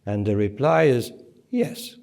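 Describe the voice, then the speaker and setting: Guy giving a spiritual talk, emphatic, lots of rhetorical questions, gets forceful, mid pitch. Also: expressive, slow, creaky. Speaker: spiritual teacher. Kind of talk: spiritual talk to a live audience. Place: conference centre.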